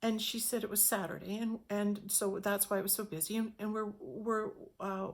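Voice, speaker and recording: A middle-aged woman telling a personal spiritual story in an earnest, halting way, often repeating words as she goes. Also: medium pitch, steady tone. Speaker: spiritual teacher sharing a testimony.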